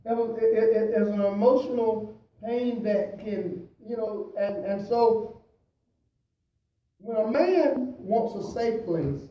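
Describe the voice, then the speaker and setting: A man, a pastor, preaching at a Bible study, swinging between loud emphasis and quiet asides, often adding "praise the Lord" and "hallelujah". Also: high-pitched, slow, lo-fi sound. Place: church. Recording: echoey church from a distant mic.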